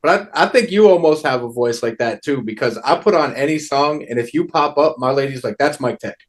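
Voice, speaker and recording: A man hosts an interview in a casual, easygoing chat. His voice sits at a middle pitch for a man, and he laughs readily between remarks. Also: animated, a little fast. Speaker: interviewer, host. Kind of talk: casual conversation.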